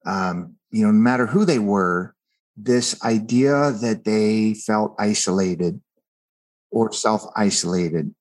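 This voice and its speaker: A guest author with a lowish, slightly mellow voice earnestly relates a personal story in conversation. He tends to repeat words when starting a thought.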